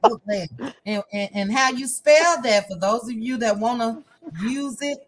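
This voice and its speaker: Livestream host, woman from Chicago, lively and playful, higher voice. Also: unhurried, a little hiss or hum. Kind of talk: casual chat, reading viewer comments.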